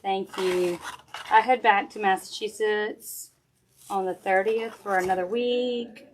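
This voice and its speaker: A middle-aged woman with a drawl talks folksy and chatty, working with her hands and calling out to viewers as she goes. Her voice sits at an ordinary middle pitch. A faint hiss and a few clicks sit under the recording. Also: steady tone, takes it slowly. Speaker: crafting livestream host. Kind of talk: casual craft demo chat with viewers. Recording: faint background noise and clicks.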